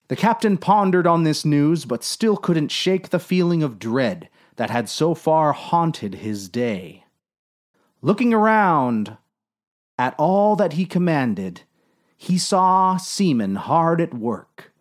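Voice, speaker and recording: A man narrating a comic story in a dry, unhurried, deadpan way. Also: on the high side.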